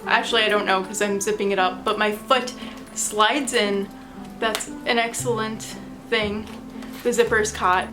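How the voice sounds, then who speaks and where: A young woman vlogging casually in her bedroom, gushing and excitable as she unboxes and tries on shoes. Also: mid-range voice, normal speed, music in the background, rough recording.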